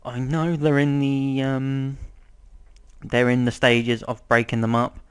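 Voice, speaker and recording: A young man giving a casual, rambling review of a wrestling show, swearing often and filling pauses with ums. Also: medium pitch, little pitch movement, clear, resonant tone.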